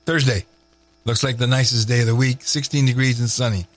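A man's voice: mid-range voice, fairly even intonation, brisk. A man hosting a chatty morning radio show from a studio, upbeat and folksy, rambling and correcting himself as he goes. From Canada.

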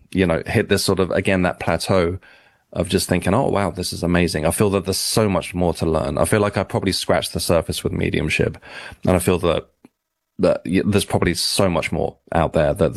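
A man's voice: deep voice, dry recording, clean studio sound. A man, a podcast guest, talking in a rambling, reflective way with many restarts. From United Kingdom. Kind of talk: casual interview talk.

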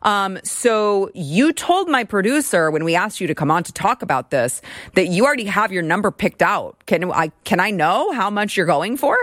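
A woman's voice: mid-range voice, moderate pace, no room sound, studio quality. A woman hosting a political talk radio show, speaking in a sarcastic, opinionated way. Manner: sarcastic, animated, mocking voices.

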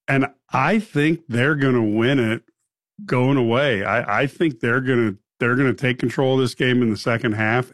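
A man's voice: medium pitch, dry recording, studio quality. A man co-hosting a sports radio show, giving his picks with wry, sarcastic remarks. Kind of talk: casual sports picks chat. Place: radio studio.

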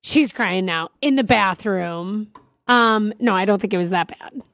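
A woman's voice: medium pitch, unhurried, no room sound, highs cut off. A woman, co-hosting a radio show in casual, giggly chat. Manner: giggly, chatty, animated. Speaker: radio co-host.

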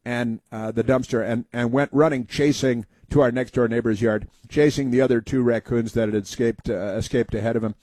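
A man's voice: mid-range voice, steady tone, fairly quick, few pauses, a little mellow, no room sound. A man hosting a talk show, telling rambling folksy stories and giving opinionated commentary.

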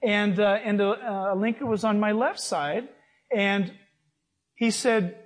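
A man preaching a sermon, reading scripture and telling personal stories in a lively, animated way. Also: high voice, unhurried. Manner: animated, acts out voices in his stories.

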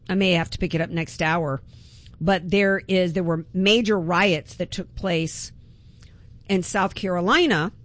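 In a voice on the low side, a female political talk radio host delivers a fervent, emphatic monologue, often restarting her sentences.

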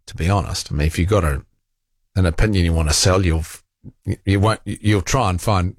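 A man's voice: low-pitched, no echo, clean studio sound. A man hosting a talk radio show, reading out listener texts and arguing back in a rambling, self-correcting way.

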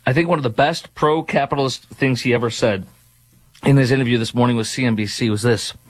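A man's voice: mid-range voice, fast, no echo. Male fill-in talk radio host, opinionated and rambling, dead-dry booth sound. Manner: opinionated, rambling with fillers and restarts.

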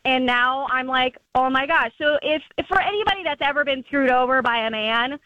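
A woman's voice: sits high, a little fast, no room sound, highs cut off. A young adult woman calling in to a radio show, telling a personal story in a casual, chatty way with many fillers and acted-out quotes. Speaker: caller.

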